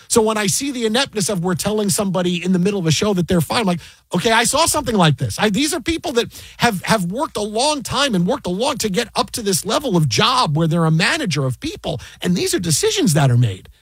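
A man who works as a sports broadcaster, casually recounting a work story in an animated, exasperated way. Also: sits high, fast talker, slightly rough, no echo. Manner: animated, exasperated retelling with repeated asides. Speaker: fantasy football broadcaster.

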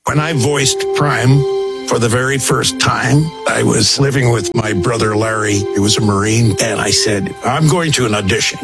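A man slowly recounting a personal story in an interview clip, dropping into a deep, commanding voice for quoted lines. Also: steady tone, vocal fry, over loud music. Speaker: voice actor in an archival interview clip.

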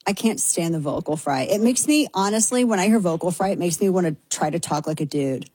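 A woman's voice: lowish voice, expressive, warm tone, slightly rough, no room sound. A woman hosting a talk show, delivering a brash, sarcastic opinion monologue. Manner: brash, sarcastic, fast-shifting.

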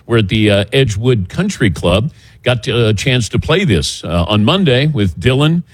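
A middle-aged man hosting a sports radio show outdoors, talking in a relaxed, chatty way and running through the show's rundown. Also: mid-range voice, moderate pace, breathy edge, no echo. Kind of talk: casual morning show talk. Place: outdoors by a golf driving range.

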